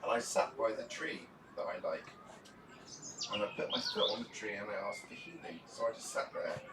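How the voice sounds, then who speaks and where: A man's voice: lowish voice, echoey room, far from the mic, background noise. A man hosting a live stream, rambling casually, swearing now and then and eating as he talks. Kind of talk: casual chat.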